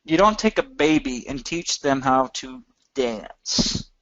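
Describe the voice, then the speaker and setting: A man's voice: medium pitch, expressive, takes it slowly, a bit bright, no room sound, highs cut off. A man teaching a recorded training session, talking emphatically and asking many rhetorical questions. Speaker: course instructor.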